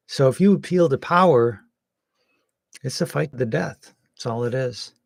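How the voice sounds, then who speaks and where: A man giving casual, rambling political commentary, hesitant with many pauses and some wry jokes. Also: medium pitch, gravelly, no echo, clean studio sound. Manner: wry and joking.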